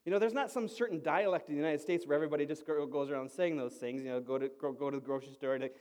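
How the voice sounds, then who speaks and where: A man preaching a sermon in a church, conversational and animated, now and then breaking into a quick imitation of an auctioneer. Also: fairly high pitch, in a large hall. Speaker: pastor. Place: church sanctuary.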